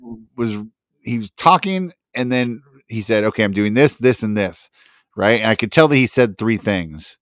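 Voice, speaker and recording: A man co-hosting a podcast in casual chat, animated and quick to laugh, swearing freely. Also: lowish voice, dry recording, studio quality. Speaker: podcast co-host.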